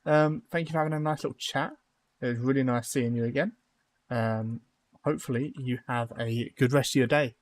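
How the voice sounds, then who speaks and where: A man's voice: mid-range voice, steady tone, brisk. A young man live-streaming a building game, chatting casually with viewers and rambling through lots of fillers and restarts.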